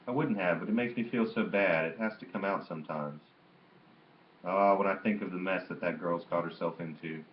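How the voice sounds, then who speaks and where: A man reading the part of a hoarse, quick-tempered, ailing old grandfather who is gruff and teasing. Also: sits low, highs cut off, slight background noise, close to an everyday voice. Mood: gloomy.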